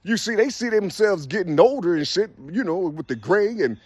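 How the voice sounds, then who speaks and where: Husky black guy preaching on the street, lively swoopy voice, keeps saying you see, laughs a lot. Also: high voice, normal speed, no room sound. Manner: drops to a soft murmur when talking to birds.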